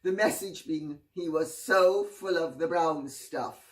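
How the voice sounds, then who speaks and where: A woman hosting her own channel, telling anecdotes in a wry, gossipy manner. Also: low voice. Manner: gossipy, wry, drawn-out phrasing. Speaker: host. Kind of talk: casual storytelling commentary. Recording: roomy, distant mic.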